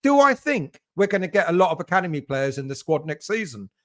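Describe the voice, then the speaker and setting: A man from England chats his way through a relaxed live stream, greeting viewers by name as he reads the chat. His voice sits high for a man. He rambles from point to point and keeps it loose and conversational. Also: quick pace. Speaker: fan channel host reading live chat.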